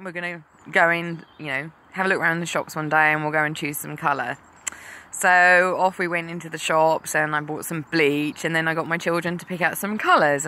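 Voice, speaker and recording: An Englishwoman's voice, on the low side, bright and forceful, comes through with slight background noise as she candidly tells the camera about her experience with cancer as a mother, filling her speech with ums.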